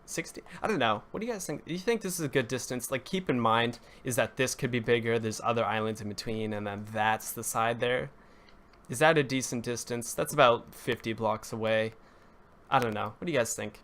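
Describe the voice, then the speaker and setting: A man's voice: medium pitch, brisk, a bit bright. A young man live-streaming a building session, rambling and correcting himself as he greets viewers and talks to chat, his voice cracking now and then. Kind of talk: casual live-stream commentary while building.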